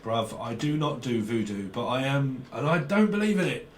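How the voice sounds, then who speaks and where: A man's voice: mid-range voice, big pitch swings, normal speed. A man giving a rambling tarot reading and slipping into quoted voices. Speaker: tarot reader.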